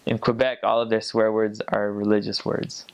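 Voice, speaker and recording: A man's voice: lowish voice, level tone, moderate pace, gravelly, clean tone. A young man chatting casually, rambling with many fillers and frequent laughter as he shares tips on a language. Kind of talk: casual chat.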